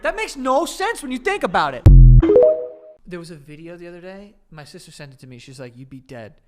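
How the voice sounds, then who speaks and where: A man's voice: sits high, big pitch swings, sharp tone, faint music behind. A man co-hosting a podcast, bantering casually and teasing his co-host. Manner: teasing, quick back-and-forth banter. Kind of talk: casual chat.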